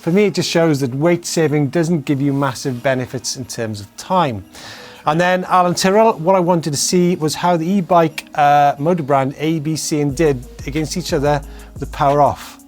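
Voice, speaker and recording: A man's voice: fairly high pitch, normal speed, soft background music. Playful man hosting a chat show. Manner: chatty, playful, reads out viewer comments. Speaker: show host. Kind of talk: casual studio chat.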